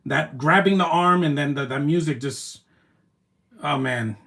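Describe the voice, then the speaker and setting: A man streaming his reaction to a movie, talking in an emotional, rambling way with many "man" tags and the odd loud taunt. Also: on the high side, unhurried. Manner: soft-spoken, with sudden loud taunting outbursts. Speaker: live streamer.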